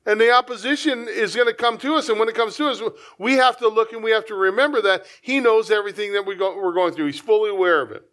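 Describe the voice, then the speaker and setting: A man's voice: high voice, fast talker, hardly any pauses, a bit bright. A man pastor preaching a conversational sermon, breaking into acted-out asides.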